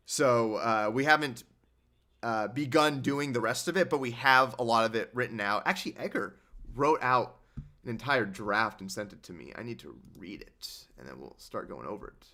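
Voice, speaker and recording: Young man, livestream host, casual rambling chat, sarcastic tone, average pitch. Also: bright, forceful tone. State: injured hand.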